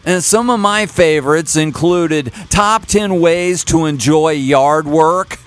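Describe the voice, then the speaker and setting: A man hosting a rock music podcast, talking in a relaxed, wry way. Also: fairly high pitch, slow pace. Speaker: podcast host. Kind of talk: casual podcast talk.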